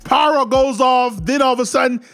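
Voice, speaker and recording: A man excitedly retelling an imagined wrestling match play by play, calling out the moves and the pin counts. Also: extremely high pitch, brisk, faint music behind. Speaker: YouTube wrestling commentator.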